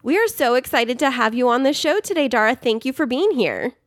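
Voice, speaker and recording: A woman's voice: sits high, lively intonation, brisk, no room sound, clean studio sound. A woman co-hosting a podcast, bubbly and enthusiastic as she interviews a guest. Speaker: podcast co-host. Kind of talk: casual interview chat.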